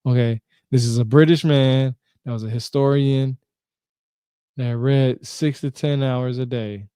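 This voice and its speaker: A man hosting a casual live talk, reading passages from an old book aloud and commenting in an animated way, repeating himself and joking. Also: medium pitch, measured pace, clear, resonant tone, no room sound, studio quality. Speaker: host.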